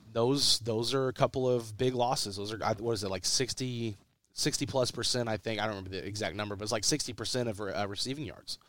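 A man's voice: on the low side, fairly bright tone, no echo. A man, hosting a casual sports podcast while sick, with a congested voice and a rambling way of repeating himself as he restarts. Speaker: podcast host.

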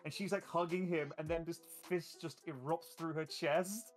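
A man's voice: fairly high pitch, moderate pace, faint music behind. A man in casual podcast chat, eagerly retelling the story of the tabletop game he runs and laughing along the way. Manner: animated, laughing while recounting game plot. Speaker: podcast guest, game master.

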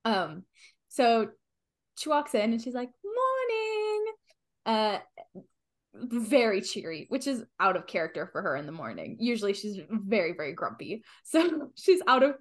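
A woman's voice: medium pitch, animated, moderate pace. A woman player describing her character in a tabletop game, chatty and giggly.

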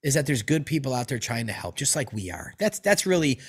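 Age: adult. Sex: man. Role: podcast host. Style: casual chat, profane storytelling, lots of restarts. Pitch: medium. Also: sing-song, fairly quick, husky.

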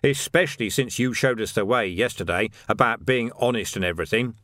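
A man's voice: mid-range voice, brisk, a bit bright, no echo, clean studio sound, natural voice. A man voicing a sly, corrupt male sergeant who sounds falsely earnest and smug.

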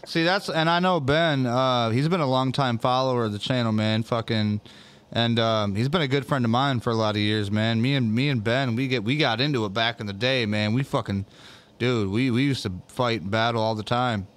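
Smooth-voiced man telling rambling stories. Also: medium pitch, brisk, fairly bright tone. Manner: rambling, profane storytelling with lots of fillers. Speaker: podcast host. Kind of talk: casual chat.

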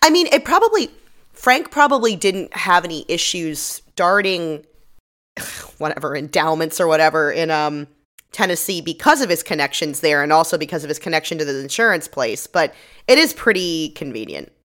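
A woman with a somewhat low voice talks through a crime show recap in loose, casual chat. She laughs easily and slips into quick impressions of the characters. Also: lively intonation, fairly bright tone. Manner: laughs often, acts out quotes. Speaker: podcast co-host.

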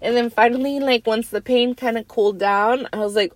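A young woman vlogger telling a story in a casual, animated way, lots of fillers and swearing. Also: a little high, fairly quick, hardly any pauses, no room sound.

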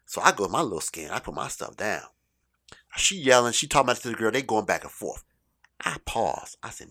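A middle-aged man telling a stand-up comedy story in an animated, profane way, swinging between loud bursts and quiet asides. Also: mid-range voice, a little fast, slightly rough.

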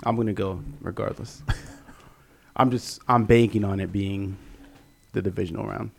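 A man trading loud, profane, teasing banter about football with friends. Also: fairly low pitch, fairly even intonation, a little slow, creaky. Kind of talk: casual sports banter.

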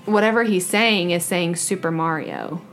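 Teasing, animated woman podcast host. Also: lowish voice, normal speed, faint music behind. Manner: animated, teasing, laughs often. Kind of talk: casual chat.

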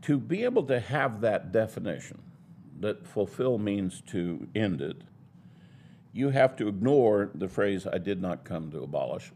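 A man's voice: lowish voice, very animated, a little slow, warm tone, slight background noise. A man teaching a Bible lesson in a sermon style, building his points in an emphatic, argumentative way.

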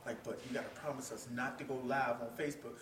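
A man's voice: medium pitch, steady tone, quick pace, roomy sound, far from the mic, a loud crowd. A man telling a story in casual talk, acting out the voices of the people in it, laughing often and swearing freely. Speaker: podcast guest, combat sports fighter.

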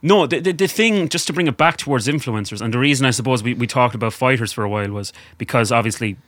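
A man's voice: mid-range voice, quick pace, fairly bright tone, no room sound. Man telling stories, dry and close. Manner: storytelling, confident, adds facts. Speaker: podcast co-host. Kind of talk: casual chat.

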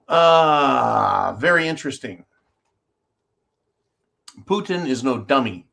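In a call-in style commentary show, the host reads viewer comments and rants sarcastically, cursing freely as he rambles and holding objects up to a camera. His voice is medium-pitched and fairly bright, and he speaks a little slowly, pausing often.

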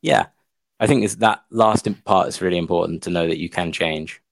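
A man with a very deep voice talking calmly on a podcast, agreeable and relaxed in manner. He mostly backs up his co-host and then shares brief thoughts of his own. The sound is dry and close. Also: fairly quick, vocal fry, no echo. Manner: relaxed, agreeable listener who reflects briefly. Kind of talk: casual chat about a book.

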